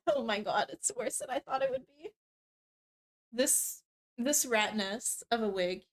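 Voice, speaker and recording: A woman in her twenties chats casually on a live stream while working on a cosplay, with a slightly high voice. She rambles through stories, full of fillers and little laughs. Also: lively intonation, takes it slowly. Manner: giggly, rambling storyteller with frequent laughs and fillers. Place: home room while crafting. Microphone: streaming setup.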